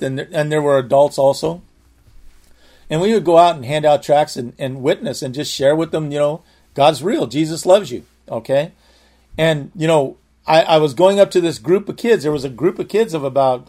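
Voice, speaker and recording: A man's voice: fairly high pitch, moderate pace, dark tone. A man preacher telling a personal testimony in a sermon, earnest and full of restarts. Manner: earnest storytelling, frequent restarts.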